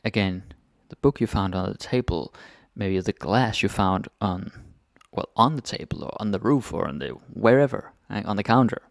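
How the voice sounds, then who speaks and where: Low gravelly man teaching grammar. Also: dry recording, clean studio sound. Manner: relaxed, often checks in with "right?". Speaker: Danish language teacher. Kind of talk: casual grammar lesson.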